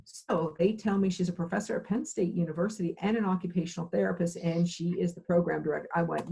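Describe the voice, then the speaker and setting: A woman's voice: fairly low pitch, fairly even intonation, quick pace, creaky, few pauses, warm tone, husky, low-quality recording. A middle-aged woman, an occupational therapy program director, telling her career story in an interview and acting out the dialogue as she goes.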